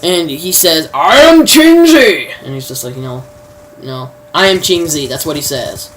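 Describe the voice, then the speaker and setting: Rambling low-voiced woman recapping a show. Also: normal speed, fairly bright tone. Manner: rambling, many fillers and restarts, mild slang. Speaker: TV episode reviewer. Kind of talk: casual spoken episode recap. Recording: distant mic, faint background noise.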